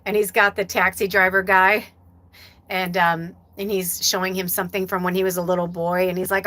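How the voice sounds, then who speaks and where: A woman's voice: on the low side, level tone, brisk, pushed and bright. A middle-aged woman hosting a live stream as a medium, talking casually and from the heart, rambling with many fillers.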